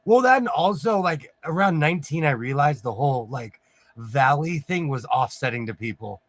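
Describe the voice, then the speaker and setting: A man from California hosting a casual livestream chat, talkative and quick to laugh. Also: a little high, expressive. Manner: chatty, laughs often. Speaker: host.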